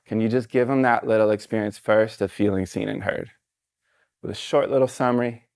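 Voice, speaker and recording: Low-voiced man giving a casual motivational talk. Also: steady tone, fairly quick, darkish tone, no echo, clean studio sound. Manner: casual, conversational, encouraging, with many fillers. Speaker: speaker giving a talk to a live audience. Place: stage before a live audience.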